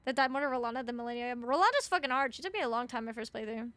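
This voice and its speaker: A young woman streaming a game, chatting casually and excitedly with her viewers, laughing and swearing freely. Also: a little high, very fast, no echo. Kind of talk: casual live-stream chat.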